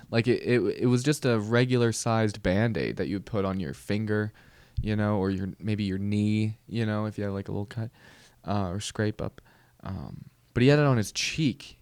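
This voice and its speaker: Rambling low-voiced comedy podcast man. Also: clean tone, dry recording. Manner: rambling, self-interrupting, deadpan. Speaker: podcast host. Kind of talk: comedic monologue.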